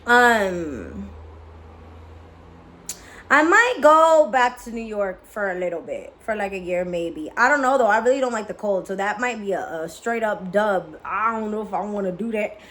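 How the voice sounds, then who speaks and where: A young woman vlogging in a casual, candid way, swearing freely, full of "like" fillers and excitable chatter. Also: mid-range voice, moderate pace. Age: young adult. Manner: candid, profane, lots of "like" fillers. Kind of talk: casual vlog chat.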